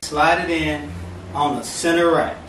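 A man's voice: a little high, fairly even intonation, a little slow, a bit bright, recorded from a distance. A middle-aged man walks viewers through a home recipe in a loose, joking way, full of slang and asides. His mid-range voice sits back from the mic, with the room echoing around it and a faint hum of background noise. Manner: playful, joking, talks straight to viewers in Southern US slang. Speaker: home cooking video host. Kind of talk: casual cooking demonstration. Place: home kitchen.

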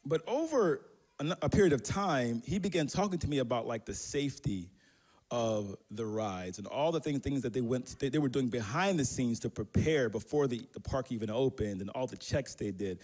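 A man's voice: medium pitch, lively intonation, moderate pace, a little mellow, slightly rough. A man preaching a sermon as pastor, telling a personal story in a conversational, self-deprecating way with many fillers and restarts.

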